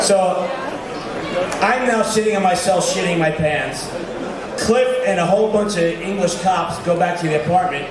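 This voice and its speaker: New man, high voice, animated profane storyteller; echoey distant recording. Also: normal speed. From New York. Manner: animated, swearing, acting out quotes. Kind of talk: telling an anecdote. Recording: echoey, distant, with crowd noise.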